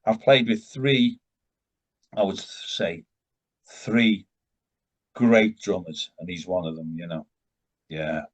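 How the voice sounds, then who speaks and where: A man's voice: deep voice, steady tone, slow pace, pauses often. An older man, a rock vocalist, telling long rambling anecdotes as an interview guest, with frequent restarts and tangents. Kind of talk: casual storytelling interview.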